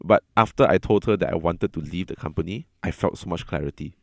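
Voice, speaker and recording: A man telling a personal story in a casual chat, earnest and halting, often repeating his words as he gathers his thoughts. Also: deep voice, no room sound, clean studio sound.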